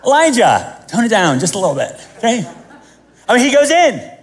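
A man preaching a sermon as pastor, animated and joking, acting out the scenes he tells. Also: very high voice, normal speed.

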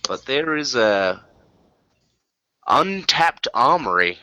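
A man's voice: medium pitch, sing-song, takes it slowly, pushed and bright, no room sound. A man narrating a tabletop game as game master, loose and casual with frequent fillers.

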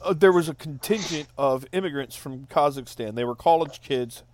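A man's voice: fairly high pitch, moderate pace, a little mellow. A man co-hosting a casual movie podcast, laid-back and joking. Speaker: podcast co-host.

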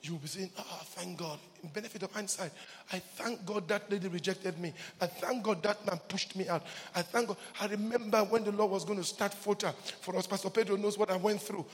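A man preaching a sermon as pastor in a church, swinging from hushed lines to shouts and repeating key words. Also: high voice, steady tone, a little fast, big-room sound, a little hiss or hum.

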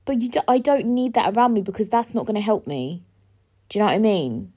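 A young woman in her twenties, talking alone in a rambling, emotional way, often swearing and sometimes rising close to a shout. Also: mid-range voice, fairly quick, breathy edge. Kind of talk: casual solo monologue.

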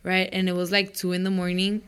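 A teenage girl telling a ghost story in casual chat. She is animated, says "like" a lot and acts out what people said. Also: on the low side, fairly quick, a crowd in the background. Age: teens. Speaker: student club member.

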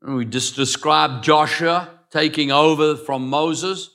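Give me a man preaching an emphatic sermon, calling out loudly and then dropping to quiet asides. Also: fairly high pitch, steady tone, takes it slowly. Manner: emphatic preaching, swinging between loud calls and quiet asides; calls on the congregation to repeat phrases. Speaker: pastor.

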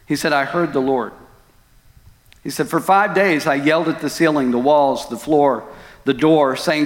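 A male pastor preaching a sermon, telling stories dramatically with loud outbursts and hushed lines. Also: medium pitch, moderate pace. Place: church sanctuary. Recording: long church hall reverb.

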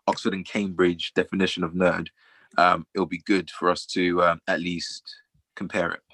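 A man co-hosting a podcast in casual chat, measured and reflective, laughing easily. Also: sits low, level tone, a bit bright, slightly rough, no echo. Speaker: podcast co-host.

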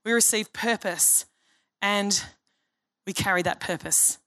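A woman's voice: medium pitch, unhurried, bright, forceful tone. A woman pastor preaching a sermon in an earnest, storytelling way. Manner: earnest, storytelling, acts out dialogue.

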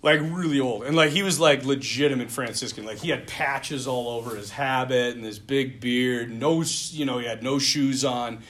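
A man giving a Lenten talk, an animated storyteller with casual, filler-heavy speech. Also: mid-range voice, normal speed, few pauses. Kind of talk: storytelling talk ending in prayer.

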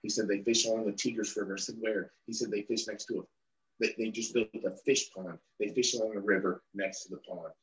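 A man's voice: on the low side, steady tone, a little fast, roomy sound, rough recording. A middle-aged man, a guest in an interview, telling a long story and acting out the people he quotes.

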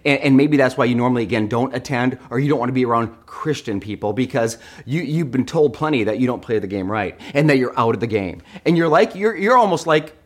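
A middle-aged male pastor giving a livestreamed sermon as an animated, joking storyteller. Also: medium pitch, quick pace, hardly any pauses.

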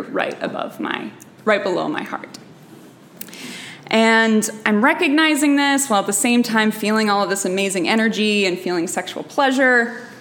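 A woman's voice: mid-range voice, a bit bright, slight background noise. A young adult woman telling an intimate personal story on stage, emotional and reflective. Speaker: storyteller and guest.

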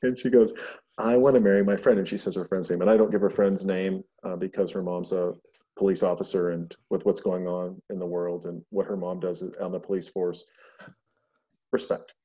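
A man's voice: low voice, normal speed. A middle-aged man from Montana hosting a podcast, telling stories in casual chat and acting out the quotes. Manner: animated storyteller, acts out quotes. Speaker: podcast host.

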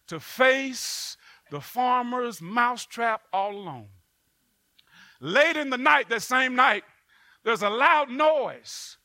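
An animated preacher delivers a sermon in a high, bright voice. His pitch rises and falls a lot, and it jumps into sudden loud bursts. The sound is dry and close. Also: no room sound.

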